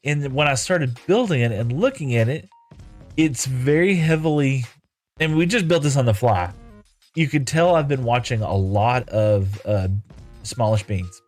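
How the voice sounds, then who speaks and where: A man's voice: mid-range voice, expressive, unhurried, faint music behind. A man chatting casually while streaming a building game, reading viewer comments aloud and thanking viewers. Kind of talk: casual live-stream chat while playing.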